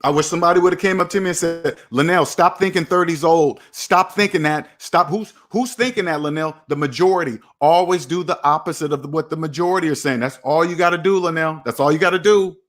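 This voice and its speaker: A man's voice: fairly high pitch, fast, hardly any pauses. A man in his forties giving a preachy, repetitive motivational talk about personal finance, often addressing himself by his own name. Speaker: personal finance video host. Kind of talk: motivational monologue to camera.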